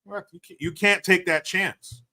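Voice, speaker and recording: A man on a casual livestream, thanking donors and riffing on their messages. His voice is bright and forceful, and he talks bluntly, jokes a lot and swears freely. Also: sits high, steady tone, moderate pace. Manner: profane, joking and blunt. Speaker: livestream host. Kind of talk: casual livestream chat reading donations.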